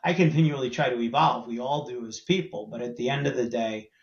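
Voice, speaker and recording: Roomy, slightly dull recording of an animated man. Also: mid-range voice, brisk. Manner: animated storyteller, acts out quoted voices. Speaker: CEO guest. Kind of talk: casual interview storytelling.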